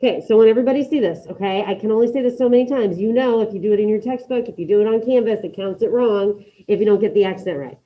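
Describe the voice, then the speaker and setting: A woman teaching a Spanish class to students in the room and online, giving brisk, repeated instructions and modeling pronunciation. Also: mid-range voice. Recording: dull lo-fi classroom audio.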